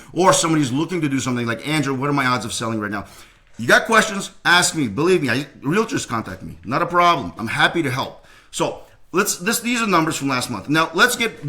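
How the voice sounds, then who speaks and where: A man's voice: mid-range voice, bright, forceful tone. A middle-aged man giving a chatty real estate market update to camera, often restarting his sentences.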